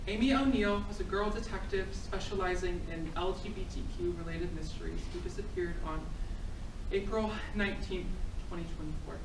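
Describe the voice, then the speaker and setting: A woman's voice: lowish voice, background noise, lightly acted. A young actress playing an earnest, anxious girl detective on a college theater stage, pleading and spiraling into frantic apologies. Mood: uneasy. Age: young adult. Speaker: stage actor. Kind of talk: live stage drama. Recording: dull, echoey stage audio from far off. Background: loud music.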